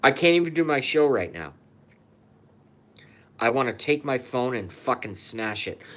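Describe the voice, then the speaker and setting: A man's voice: medium pitch, lively intonation, a little slow, fairly bright tone. A man hosting his online show from an apartment, ranting in a furious, profane, repetitive comedic conspiracy monologue into a phone. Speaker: YouTube show host.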